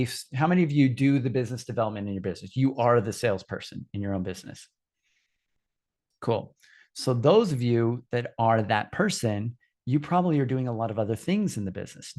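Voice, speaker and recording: A man's voice: medium pitch, darkish tone. A man hosting a live webinar, telling a rambling story with lots of restarts and asides, speaking over a video call. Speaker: host.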